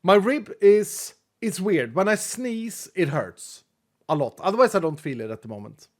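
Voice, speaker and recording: A male streamer talks casually through a game session, reading chat aloud and laughing at jokes. He speaks English with a non-native accent. His voice sits a little higher than most men's. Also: big pitch swings, moderate pace, a little mellow. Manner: chatty, reads chat aloud, laughs often.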